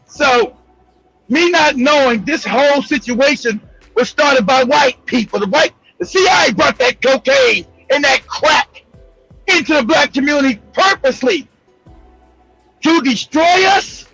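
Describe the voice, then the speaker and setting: A man with a Los Angeles accent telling a profane street story as a show host, animated, loud and laughing often. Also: very high-pitched, unhurried, vocal fry, dull audio, faint music behind. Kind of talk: storytelling monologue.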